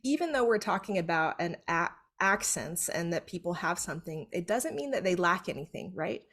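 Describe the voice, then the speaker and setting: A woman's voice: fairly low pitch, lively intonation, moderate pace, a bit bright. Woman moderating an online panel. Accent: reduced Southern US. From Southeast Texas. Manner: earnest, emphatic, frequent "right?". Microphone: video call.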